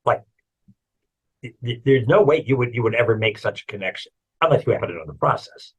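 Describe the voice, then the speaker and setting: Animated, husky rabbi giving a lecture. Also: male voice, mid-range voice, brisk, poor audio. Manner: animated storytelling, jokey asides and repetition. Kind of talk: Torah lecture.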